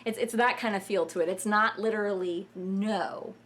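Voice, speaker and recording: A woman hosting a casual, chatty explainer about Japanese phrases in anime scenes, wry and quick to act out the lines she quotes. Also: mid-range voice, fairly even intonation.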